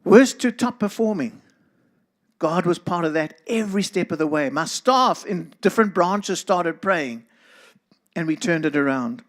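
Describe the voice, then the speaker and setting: A man's voice: high-pitched, lively intonation, a little slow. A middle-aged man with a South African accent, giving an earnest talk to a church congregation and speaking to listeners by name. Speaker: guest speaker.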